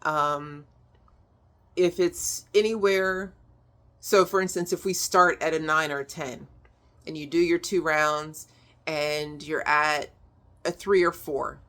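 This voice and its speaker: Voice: medium pitch, fairly even intonation, takes it slowly, long pauses, pushed and bright. A tapping instructor explaining a technique in a casual, chatty way, with plenty of "um", "like" and "right?" and some blunt, casual swearing.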